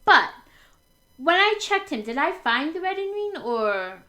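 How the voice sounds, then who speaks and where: A woman's voice: high-pitched, big pitch swings, a little slow, sharp tone. A woman playing a tabletop role-playing game, chatting in a friendly way with the group. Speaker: player.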